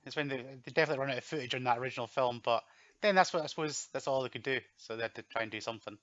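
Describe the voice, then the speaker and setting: A man's voice: medium pitch, very fast, fairly bright tone, no room sound. A man co-hosting a casual film podcast, enthusiastic and laughing a lot. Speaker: podcast co-host. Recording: slightly dull lo-fi dry sound.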